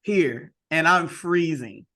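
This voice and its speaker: A woman co-hosting a podcast, chatting casually in an animated way and quick to laugh. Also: low-pitched. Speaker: podcast co-host. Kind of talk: casual chat.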